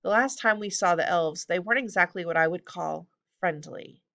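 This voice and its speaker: A woman's voice: fairly low pitch, normal speed, creaky, sharp tone. A woman voicing a skeptical older teenage sister in a read-aloud storybook. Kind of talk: audiobook reading.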